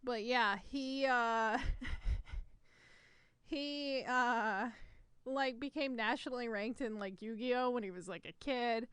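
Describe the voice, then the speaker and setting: A woman's voice: on the high side, slow, fairly bright tone, smooth, no echo. A woman co-hosting a gaming podcast, chatting casually with lots of fillers and swearing. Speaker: podcast co-host.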